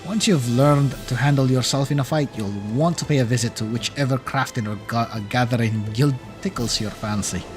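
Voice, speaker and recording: A man's voice: medium pitch, a little slow, long pauses, lightly acted. Man doing a folksy old-salt traveler. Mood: advising. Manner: folksy, drawling, gruff put-on accent. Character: chatty, worldly adult male sea traveler. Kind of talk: reading game dialogue aloud in character. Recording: game music clearly behind. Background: game music.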